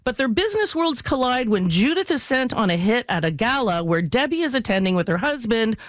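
A woman's voice: fairly high pitch, very animated, brisk, no echo. Enthusiastic woman reviewing films. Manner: enthusiastic, wry. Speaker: film and TV critic. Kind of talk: casual review chat.

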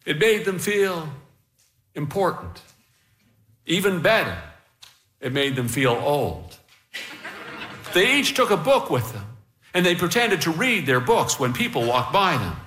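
A man reading a story aloud with expressive narration. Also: on the high side, roomy sound. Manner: slow, expressive, warmly paced narration.

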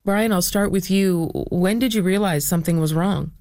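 Radio interviewer, gentle and attentive, mid pitch, dry. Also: moderate pace, no room sound. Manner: gentle with short acknowledgements.

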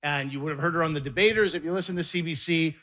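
Brief: male comedy emcee, fast and bright, hyping the room from the stage. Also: a little high. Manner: hyping up the crowd. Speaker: comedy show host. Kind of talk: stage introduction.

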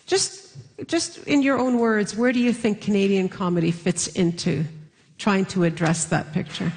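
A woman's voice: mid-range voice, steady tone, moderate pace. A woman moderating a panel who asks thoughtful questions with some hesitation. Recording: reverberant hall.

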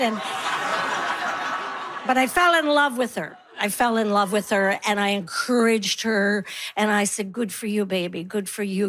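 A woman in her sixties doing a stand-up comedy set, telling stories and acting out other people's voices. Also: mid-range voice. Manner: animated storytelling, acts out voices.

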